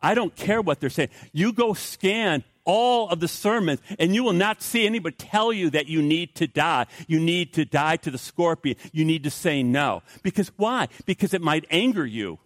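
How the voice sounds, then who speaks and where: A middle-aged man preaching with a lively, swooping delivery that climbs into sudden emphatic bursts. His voice sits a little high for a man. The sound is close and dry. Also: normal speed, hardly any pauses, no echo. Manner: emphatic, repetitive, with rising outbursts. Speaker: pastor. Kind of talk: sermon.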